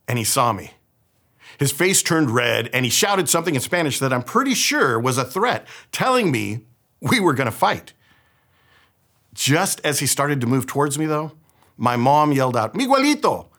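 A young man from the San Francisco Bay Area preaches in a relaxed, conversational way, weaving a personal story into his sermon. His husky voice swings up and down with lively pitch, and he tells the story with plenty of animation. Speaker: pastor.

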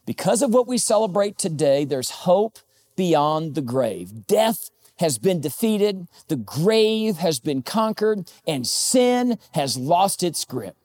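Male pastor, a little high-pitched, chatty sermon delivery, jokes and a personal story. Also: very animated, slow pace, a little mellow.

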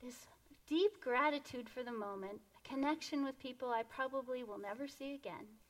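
A woman telling a personal story in a gentle, unhurried way, then guiding listeners through a quiet reflection, often dropping to a soft hush. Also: sits high. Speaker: storyteller and meditation guide.

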